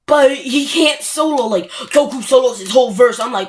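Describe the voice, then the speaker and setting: A woman's voice: fairly high pitch, moderate pace, hardly any pauses, a little hiss or hum. A young woman ranting casually and with exasperation, full of filler words and mocking quotes. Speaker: anime ranter. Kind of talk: casual rant.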